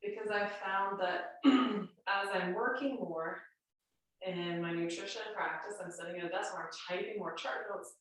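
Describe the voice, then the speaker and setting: At a moderate pace and in a mid-range voice that's congested and nasal, a woman instructor chats reassuringly through each move of a home exercise class. Her voice sounds distant from the camera mic, and the room rings with heavy echo.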